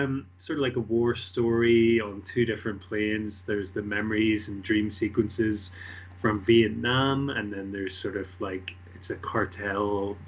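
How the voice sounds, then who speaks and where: A man with a fairly low voice co-hosts a casual comic book chat, easygoing and enthusiastic as he rambles through his thoughts. His audio sounds dull and lo-fi, lacking crispness. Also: fairly bright tone. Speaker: podcast co-host.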